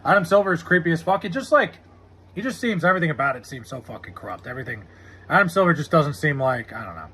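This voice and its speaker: A man's voice: fairly high pitch, sing-song, fast, pushed and bright, breathy edge. An American man live-streaming, chatting loosely and profanely with viewers, full of "like" fillers. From United States. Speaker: live streamer reading chat. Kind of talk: casual rambling chat.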